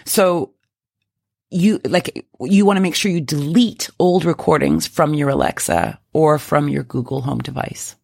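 A man's voice: a little high, animated, measured pace, vocal fry, a little mellow, slightly rough, no room sound, clean studio sound. A man co-hosting a casual tech podcast, explaining with lots of "right?" tags. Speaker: podcast co-host.

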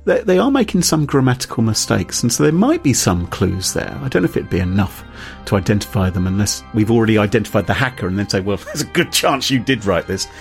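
A man co-hosting a podcast in casual chat, animated and chuckling as he reads quotes aloud. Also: lowish voice, quick pace, vocal fry, faint music behind.

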